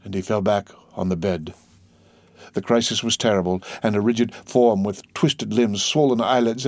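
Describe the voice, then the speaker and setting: A man's voice: lowish voice, a little mellow, dry recording. Man reading a novel aloud. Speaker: audiobook reader. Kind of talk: scripted narration of a classic novel.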